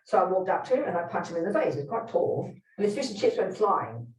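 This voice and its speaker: A woman's voice: fairly low pitch, sing-song, quick pace. A woman teaches a room of listeners as a Buddhist nun, her voice swinging widely up and down as she drives each point home. She talks plainly and emphatically, often turning to ask the group whether they follow. She stands some distance from the microphone in a roomy, echoing hall. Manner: emphatic, blunt storytelling with direct questions to listeners. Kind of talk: teaching talk to a live group. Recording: roomy hall, speaker away from the mic.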